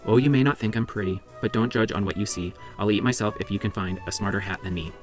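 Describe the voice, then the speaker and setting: A man's voice: on the low side, steady tone, fast, over music, close to an everyday voice. A man reading as the Sorting Hat, rhyming. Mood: sing-song. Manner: rhyming sing-song recital. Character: old magic talking hat, wise and teasing.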